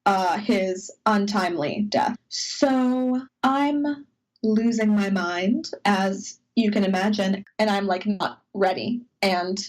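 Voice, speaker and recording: A woman cohosting a podcast over a video call, telling a personal story in an animated, emotional way and acting out her own inner voice. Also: mid-range voice, slow, poor audio. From United States. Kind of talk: casual storytelling chat.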